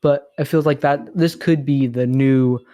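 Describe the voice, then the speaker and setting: A man co-hosting a casual podcast, talking in a loose, rambling way and laughing often. His voice sits in a middling pitch, recorded close and dry with no room sound. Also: fairly even intonation, unhurried, warm tone, no echo. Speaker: podcast co-host. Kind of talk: casual chat.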